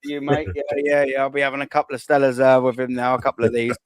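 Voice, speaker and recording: A man hosting a live fan show, giving loud, boisterous shout-outs with plenty of swearing. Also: mid-range voice, monotone, quick pace, clear, resonant tone, dry recording.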